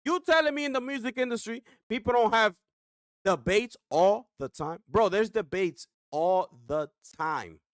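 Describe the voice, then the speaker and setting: A man's voice: sits high, animated, normal speed, a bit bright, no echo, studio quality. A man reacting to a clip on a gaming stream, ranting with rhetorical questions and slang.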